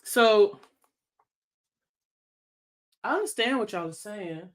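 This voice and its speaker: A woman leading a casual team livestream in an unhurried, drawn-out way. She chats and teases her team as she reads their answers. She thinks out loud while working through the numbers. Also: mid-range voice, animated. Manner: chatty, teasing, thinks aloud while working sums. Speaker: sales team leader.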